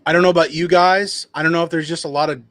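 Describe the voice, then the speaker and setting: A man with a somewhat high voice tells a customer story in a loose, rambling way, full of restarts and asides. He acts out other people's lines as he goes. The sound is dry and close, with no room echo. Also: fairly even intonation, fast, a bit bright. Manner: rambling, conversational, acts out quotes in a higher voice. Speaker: dumpster rental business owner. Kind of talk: casual storytelling vlog.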